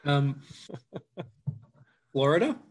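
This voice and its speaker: A man's voice: a little high, very animated, drawn-out words. A man who is a guest insurance agent, chatting casually and thinking aloud in a hesitant way. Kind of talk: casual chat.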